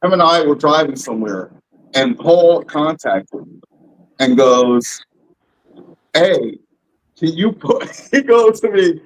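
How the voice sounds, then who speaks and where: A man's voice: a little high, lively intonation, takes it slowly, pauses often, low-quality recording. A man hosting a podcast, telling a story with laughs and stammered restarts, openly emotional. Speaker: podcast host and wrestling commentator. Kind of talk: casual chat.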